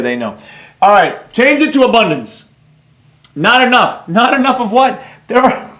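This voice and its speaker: Man, high voice, blunt, rambling, scolding trading teacher, live class, roomy echo. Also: a bit bright. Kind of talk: live class, reading chat.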